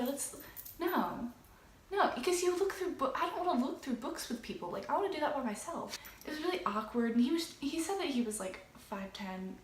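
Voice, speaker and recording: A woman's voice: on the high side, a little fast, roomy sound, slight background noise. A young woman from Louisiana casually telling a dating story, acting out quotes as she goes. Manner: chatty, animated retelling with acted quotes. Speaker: vlogger.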